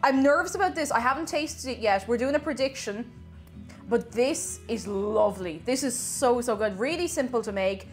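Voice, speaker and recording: A chatty woman hosting a live stream, her fairly high voice swinging up and down as she talks. She reads her viewers' messages aloud and breaks into bright exclamations. Soft music plays faintly behind her. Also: animated, moderate pace. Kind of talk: casual live-stream chat while tasting food.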